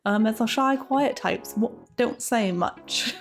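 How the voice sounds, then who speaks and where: A woman's voice: on the high side, slow, soft background music. A woman voicing a chatty old male cave hermit who rambles in folksy dialect grammar, reading his lines in a put-on accent. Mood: cheery rambling.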